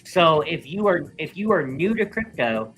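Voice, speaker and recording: A man's voice: on the high side, expressive, normal speed, fairly bright tone, faint music behind, poor audio. A man co-hosting a live crypto show, reading a sponsor roll-up in an easygoing way with many filler ums. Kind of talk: casual chat and ad read.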